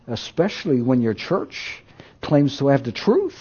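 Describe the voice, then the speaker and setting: A man preaching a sermon, moving between loud emphatic declarations and hushed low asides. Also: lively intonation, unhurried, husky, lo-fi sound.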